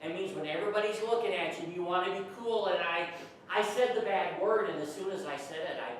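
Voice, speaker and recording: A man's voice: sits high, a little fast. A man telling playful comic stories to children in a church, chatting with them and asking them questions. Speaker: children's entertainer. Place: church hall. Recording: very echoey hall, distant, faint hiss.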